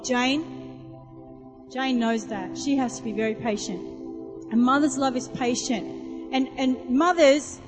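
A woman preacher with a high voice, telling homely stories and calling out questions to her listeners. Her voice rings with a long hall reverb. Music plays clearly underneath. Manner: chatty storytelling, asks the audience questions. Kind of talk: sermon.

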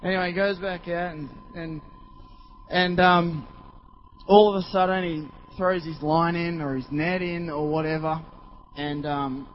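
A man's voice: fairly high pitch, fairly even intonation, measured pace, a little hiss or hum. A man preaching a sermon in a rambling, conversational way, full of fillers. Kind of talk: sermon storytelling. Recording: dull lo-fi recording.

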